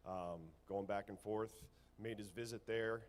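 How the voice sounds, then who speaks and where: Low-voiced coach praising his players. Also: fairly even intonation, a little slow. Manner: repeats words, many fillers. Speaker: golf coach. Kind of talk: ceremony speech.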